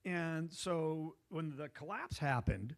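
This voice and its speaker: A man's voice: fairly high pitch, slow, gravelly. Rambling man telling stories. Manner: rambling, digressive, laughs often. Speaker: guest investor. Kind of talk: casual storytelling. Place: meetup room.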